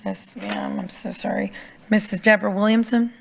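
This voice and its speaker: A woman's voice: mid-range voice, huge pitch swings, normal speed, gravelly. A woman chairing a council meeting, calling up commenters in a polite, apologetic way.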